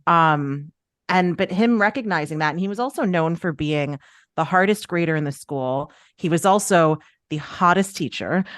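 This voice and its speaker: Low-voiced chatty woman, dry sound. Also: moderate pace, no echo. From New York City. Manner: candid, chatty, many fillers and restarts. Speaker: sports journalist guest. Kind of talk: casual interview chat.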